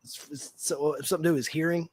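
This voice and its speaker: A man's voice: a little high, fairly even intonation, quick pace, a crowd in the background. A man hosting a livestream in casual fan chat, rambling and leaning on fillers like "like" and "you know.". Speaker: livestream host.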